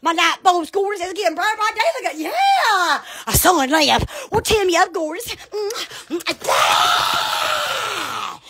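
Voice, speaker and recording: A woman's voice: extremely high pitch, sing-song, slow pace, vocal fry, pushed and bright, raised voice, a little hiss or hum. A woman chatting on a phone livestream, giddy and rambling, constantly exclaiming and laughing between phrases. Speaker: social media livestreamer. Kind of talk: rambling live-stream chat.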